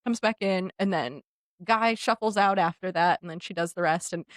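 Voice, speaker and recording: A woman co-hosting a podcast, telling a funny story in a casual, animated way and often laughing. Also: on the low side, moderate pace, no room sound, clean studio sound. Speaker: podcast co-host.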